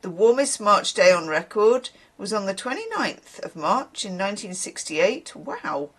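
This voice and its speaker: A woman's voice: mid-range voice, sing-song, unhurried. A woman, a tarot reader chatting casually to camera, rambling with wry asides.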